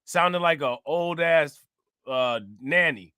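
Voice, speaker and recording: A man with a bright, forceful voice riffs on a news clip, laughing and mocking as he goes. The sound is dry and close, with a fairly high pitch for a man. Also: takes it slowly, smooth, no echo. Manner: loud, laughing, mocking banter. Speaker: show host reacting to a news clip. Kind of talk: casual reaction commentary.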